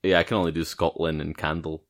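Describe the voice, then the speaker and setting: A man's voice: very deep voice, little pitch movement, fast talker. A young man co-hosting a podcast, chatting casually about movies, rambling and swearing with a joking tone. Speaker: podcast co-host. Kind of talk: casual chat.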